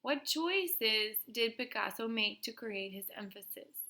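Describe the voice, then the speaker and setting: Woman, elementary art teacher, unhurried, bright tone, patient explaining voice. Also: a little high, animated. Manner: slow, gentle and explanatory, asking questions aloud. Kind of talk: recorded art lesson for children.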